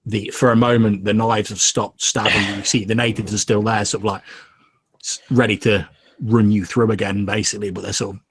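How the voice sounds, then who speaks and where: Low husky game master. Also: male voice, little pitch movement, brisk, no room sound. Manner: casual, loose narration with many fillers. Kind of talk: narrating a tabletop game.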